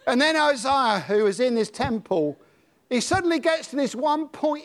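An older British man preaching a sermon, dropping to a hush and then rising to dramatic shouts. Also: very high-pitched, expressive, moderate pace. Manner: dramatic, swings from hushed to shouting.

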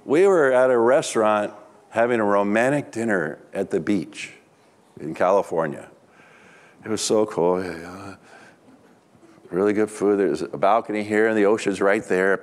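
A man's voice: fairly low pitch, moderate pace. A middle-aged man preaching, telling stories and acting out the dialogue. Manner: animated storyteller, acts out dialogue. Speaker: pastor. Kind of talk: sermon with storytelling.

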